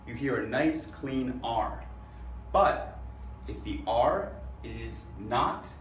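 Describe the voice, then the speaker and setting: Slow-talking American man teaching English. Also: mid-range voice, a little hiss or hum. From United States. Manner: slow, deliberate, demonstrating words. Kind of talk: spoken accent lesson. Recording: roomy echo, mic at a distance.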